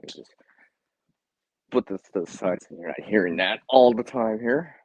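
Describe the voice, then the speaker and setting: A man's voice: on the low side, moderate pace, darkish tone, no room sound, lo-fi sound. A man hosting a casual live stream from home, chatty, laughing often and repeating words. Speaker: livestream host.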